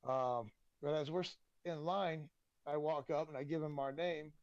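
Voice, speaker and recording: A man's voice: fairly high pitch, fairly even intonation, moderate pace, darkish tone, no room sound, lo-fi sound. Man spinning rowdy road-trip stories. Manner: rambling, profane, laughing anecdotes. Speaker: podcast guest. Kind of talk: casual storytelling.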